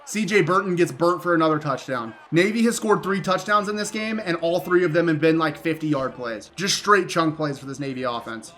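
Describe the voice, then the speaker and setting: Young man calling his own game, bright voice. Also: fairly high pitch, brisk, hardly any pauses. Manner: excitable play-by-play, swearing when frustrated. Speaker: gaming YouTuber. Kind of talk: live gameplay commentary.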